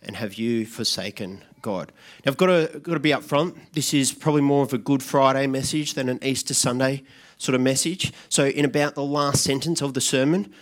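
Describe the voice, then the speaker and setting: Male pastor, mid-pitched, chatty sermon delivery that goes hushed for reflective moments. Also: fairly even intonation, fairly quick. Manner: conversational preaching, drops to a hushed, quiet voice for reflective questions.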